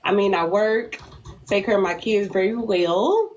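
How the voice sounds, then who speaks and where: A woman answering questions on a dating show in a hesitant, halting way. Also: mid-range voice, low-quality recording. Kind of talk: casual answers on a live show.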